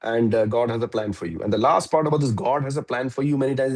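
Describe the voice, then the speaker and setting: A man in his fifties with an Indian English accent, giving a lively, chuckling motivational talk to students. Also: medium pitch, fast talker, low-quality recording. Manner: animated, chuckling storyteller. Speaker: guest speaker.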